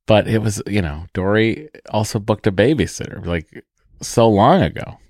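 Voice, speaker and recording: Man, podcast host, very low voice, casual rambling chat, restarts sentences, dry close sound. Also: expressive, normal speed, darkish tone, dry recording. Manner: rambling, self-interrupting storyteller.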